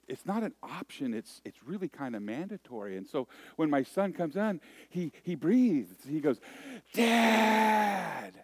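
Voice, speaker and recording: A man's voice: medium pitch, no echo. Joking, conversational male pastor. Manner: joking, self-deprecating, storytelling. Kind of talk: conversational sermon.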